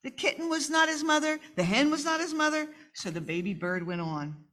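A woman reading a picture book aloud to children at a live event, animated and talking to her audience. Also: high voice, a little fast. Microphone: microphone.

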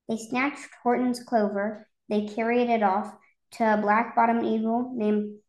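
A woman's voice: fairly high pitch, steady tone, a little slow, a little mellow. Woman reading a rhyming story aloud. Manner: rhythmic, lilting. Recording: roomy echo.

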